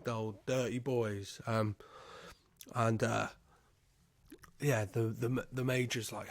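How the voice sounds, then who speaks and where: A man hosting a podcast, casually recapping a film's plot in a halting way, swearing and acting out the characters' lines. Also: medium pitch, steady tone, dry recording. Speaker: podcast host.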